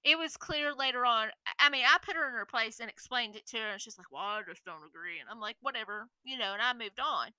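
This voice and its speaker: A woman's voice: a little high, quick pace, hardly any pauses, bright, forceful tone, smooth, no room sound, low-quality recording. A woman streamer delivering a blunt, profane, exasperated rant in a vlog. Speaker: streamer and influencer. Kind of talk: ranting vlog monologue.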